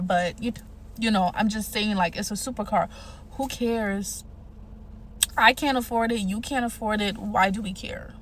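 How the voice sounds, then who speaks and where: A woman telling a dating story in a casual, animated, profane way, acting out what people said. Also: on the high side. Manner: animated, profane, acts out quotes.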